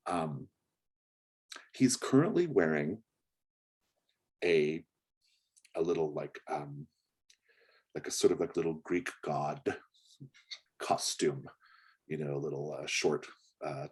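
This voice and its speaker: Low, husky game master. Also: male voice, a little mellow. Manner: rambling, hesitant, many fillers. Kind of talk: narrating a tabletop game.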